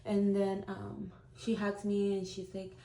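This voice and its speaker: A woman's voice: mid-range voice, completely flat delivery, slow, creaky, mellow. A woman in her thirties, a vlogger, telling a personal story in a candid, heartfelt, conversational way. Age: 30s. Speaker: vlogger, single mom. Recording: roomy echo.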